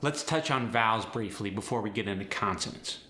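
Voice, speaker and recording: A man coaching accents, explaining step by step in a clear, instructional way. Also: fairly low pitch, fairly quick, bright, forceful tone, roomy sound. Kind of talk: instructional lesson.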